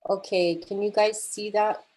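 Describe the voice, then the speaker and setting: A woman poet speaking on a video call, soft and halting, full of pauses and fillers, openly emotional as she talks. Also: mid-range voice, flat delivery, poor audio. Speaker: guest poet. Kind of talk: unscripted remarks on a video call.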